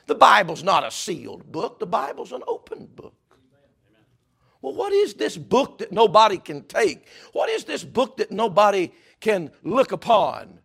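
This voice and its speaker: A man's voice: sits high, very animated, unhurried, vocal fry, husky. A man preaching a fervent sermon. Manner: fervent, builds to loud climaxes.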